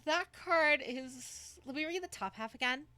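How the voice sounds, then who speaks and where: A woman's voice: sits high, measured pace, pushed and bright, no room sound, faint music behind. A woman streamer in casual livestream chat, coaching a friend through building a deck, with many fillers and restarts.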